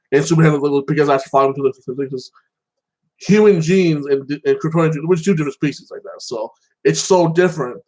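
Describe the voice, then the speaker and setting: A young man talks on his own about a TV show in a loose, rambling way. His voice sits a little high for a man. He keeps leaning on the same filler phrases as he thinks aloud. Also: a little mellow, poor audio. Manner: rambling, fills with "like this" and "like that". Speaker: show commentator. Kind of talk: casual solo chat.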